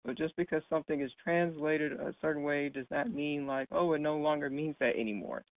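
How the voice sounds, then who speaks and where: A man's voice: on the high side, fairly quick. A man teaching a Bible study lesson, explaining patiently and checking in often with his listeners. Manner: checks in often with "right?" and "okay?"; explains patiently with light laughs. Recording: dull, dry lo-fi recording.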